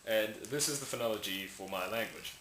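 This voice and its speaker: On the low side and fairly quick, this man's voice guides a casual language lesson about speech sounds. The tutorial maker says each sound aloud, drifts a bit, and corrects himself. It's recorded in an echoey room with faint hiss.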